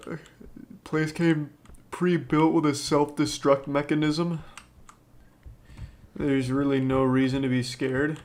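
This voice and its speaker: A man giving deadpan, sarcastic commentary while playing a horror game on stream, with sudden startled yelps at the scares. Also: fairly high pitch. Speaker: gaming streamer. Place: home streaming setup on webcam.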